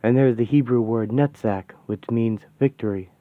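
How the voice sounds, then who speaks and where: A man's voice: mid-range voice, moderate pace, no echo, close to an everyday voice. A man playing a bookish young woman explaining. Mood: musing. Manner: explanatory, thoughtful. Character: earnest young woman, bookish guide to magic. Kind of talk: fan radio-play comic reading. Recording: tinny, dry, phone-like sound.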